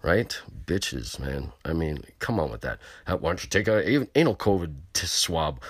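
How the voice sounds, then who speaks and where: A man's voice: deep voice, husky, no room sound. A man hosting a casual chat show from California, rambling, boastful and crude as he talks to his listeners. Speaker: show host. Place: on location.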